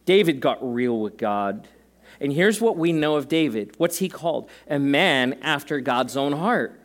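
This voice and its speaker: A man's voice: fairly high pitch, lively intonation, a little slow. A male pastor preaching a sermon to a congregation in a church service, talking conversationally with joking asides and emphatic repetition.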